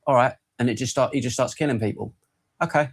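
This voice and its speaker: A man co-hosting a horror podcast, talking excitably with lots of restarts and swearing. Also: medium pitch, fast talker, slightly rough. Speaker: podcast co-host. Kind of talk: casual podcast chat.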